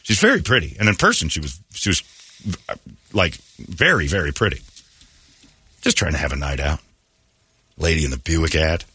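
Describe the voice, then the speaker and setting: A man hosting a morning radio show, telling stories in casual banter and mockingly acting out shouted quotes. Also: extremely low pitch, sing-song, normal speed, long pauses, breathy edge, dry recording. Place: radio studio.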